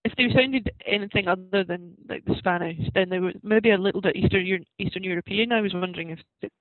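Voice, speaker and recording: A man's voice: sits high, fast talker, no room sound. A man co-hosting a podcast, talking casually and hesitantly about a film over a tinny phone-like line. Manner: hesitant, short agreeing replies. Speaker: podcast co-host.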